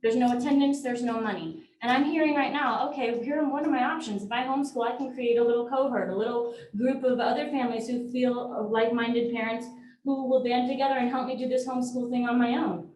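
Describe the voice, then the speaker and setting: Woman parent, public comment, fervent and defiant, slightly high voice, roomy hall heard from off-mic. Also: steady tone, quick pace, a little mellow. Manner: impassioned, defiant. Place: large meeting hall. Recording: echoey hall, distant mic, faint noise.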